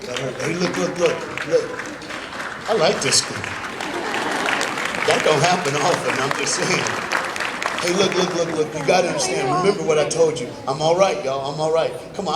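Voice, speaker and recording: A man's voice: a little high, normal speed, over a noisy crowd, heavy background noise. Man speaking in an echoey school gym. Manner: emphatic, storytelling, builds to loud bursts. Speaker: motivational speaker. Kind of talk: school assembly speech. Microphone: phone in the audience. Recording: echoey gym recorded from far off.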